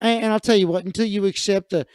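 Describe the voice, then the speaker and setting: A man's voice: high-pitched, steady tone, fast talker, smooth, no room sound, voice pushed up, close to an everyday voice. A man imitating an angry, preachy male finance radio host who scolds a caller. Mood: scolding.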